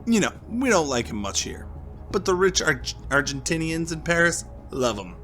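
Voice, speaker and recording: A man's voice: fairly high pitch, very animated, normal speed, bright, forceful tone, faint music behind, pitched above the performer's own voice. A man voicing a streetwise informant who talks brusquely and with emphasis. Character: shady male informant, pushy and streetwise.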